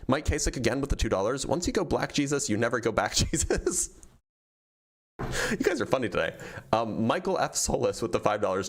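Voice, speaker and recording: A man hosting a livestream, casually reading out donor messages and answering them with frequent laughs. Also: medium pitch. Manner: reads donor messages aloud, laughs often. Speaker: streamer reading super chats.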